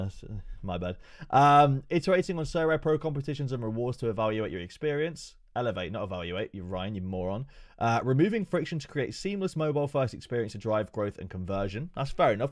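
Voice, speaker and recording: A man on a live stream, reading an update aloud with excitable, profane asides. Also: fairly low pitch, fairly quick, no echo, studio quality. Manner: excitable and profane, joking asides between read passages.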